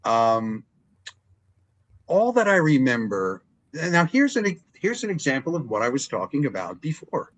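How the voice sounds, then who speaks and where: An older man, a longtime ring announcer, telling stories in a relaxed interview and acting out what people said. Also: a little slow, poor audio. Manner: animated storyteller, acts out quotes with big pitch jumps. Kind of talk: storytelling interview chat.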